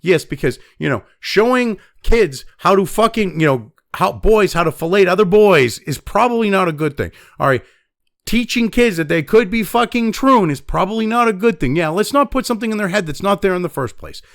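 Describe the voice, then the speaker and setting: Profane, ranting man with lively pitch. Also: brisk, no room sound, clean studio sound. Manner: angry, heavily profane, blunt; reads news excerpts aloud between rants. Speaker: news commentator. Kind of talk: profane ranting news commentary.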